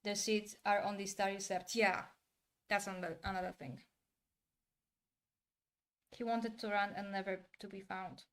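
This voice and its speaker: A woman giving her candid opinions in a casual monologue, turning animated when she imitates actors' delivery. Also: mid-range voice, moderate pace, pauses often. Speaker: commentator.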